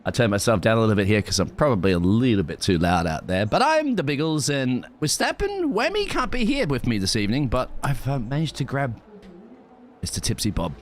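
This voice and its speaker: A man's voice: medium pitch, huge pitch swings, a little fast. A man hosting and commentating a sim racing league race, chatty and jokey. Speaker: lead commentator.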